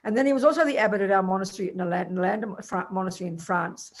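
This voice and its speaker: An older woman with an Australian accent teaches a class as a Buddhist nun. Her voice is husky and a little breathy, and her delivery is blunt and colloquial, full of teasing endearments. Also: mid-range voice, rapid-fire. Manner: blunt, colloquial, teasing, calls listeners darling and sweetie pies.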